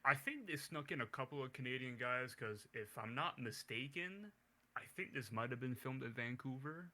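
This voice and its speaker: Bright-voiced, rambling excited man. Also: mid-range voice, moderate pace. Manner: rambling, restarts, excited bursts. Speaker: podcast host. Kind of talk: casual comic review chat.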